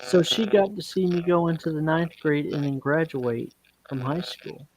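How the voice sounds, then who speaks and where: A man in his forties tells stories casually on a live stream, with a voice a bit higher than most men's. He stumbles over repeated words and acts out what people said. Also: normal speed, a little mellow, rough recording. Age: 40s. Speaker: guest, dating and business coach.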